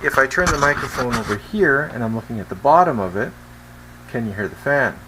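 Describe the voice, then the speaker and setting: A man's voice: medium pitch, expressive, fairly quick, bright, forceful tone, low-quality recording. Man testing a mic, fan hum. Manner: plain, asks the viewer questions. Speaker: microphone reviewer. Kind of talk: product test vlog. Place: indoor room with a fan running. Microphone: wireless handheld mic being tested.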